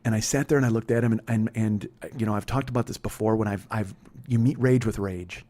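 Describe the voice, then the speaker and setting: A man's voice: lowish voice, steady tone, fairly quick, dark tone. A man in his forties hosting a comedy podcast, telling a personal story in an intense, profane, rambling monologue. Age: 40s.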